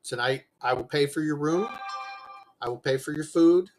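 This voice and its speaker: A man voicing an earnest male merchant patron who bargains in a steady, insistent way. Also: fairly high pitch, normal speed, soft background music, close to an everyday voice, low-quality recording. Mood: firm. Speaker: game master.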